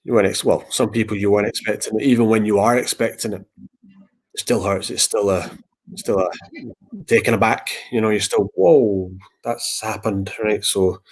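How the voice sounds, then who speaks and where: Talking a little fast in a low, level-toned voice, a man hosts a podcast about grief in an informal style. He meanders and repeats words while reenacting past conversations.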